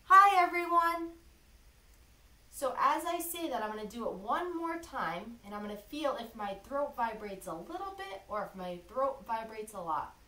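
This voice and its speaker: A woman teacher reading a lesson to young children, slow and clearly enunciated, encouraging them to repeat after her. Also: a little high, very animated, fairly bright tone, recorded from a distance. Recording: echoey room, a bit off-mic.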